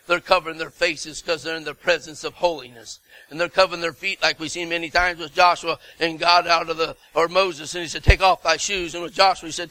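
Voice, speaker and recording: Brief: middle-aged male preacher, fervent, high bright voice, dry close sound. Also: dry recording, low-quality recording. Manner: fervent, shouting repeated words, folksy asides. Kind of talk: sermon.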